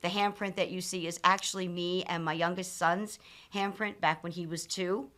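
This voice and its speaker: A woman's voice: fairly low pitch, fairly even intonation, normal speed, a bit bright. A woman in her fifties, a nonprofit founder, telling a personal story as a podcast guest, candid and earnest, with many ums and restarts.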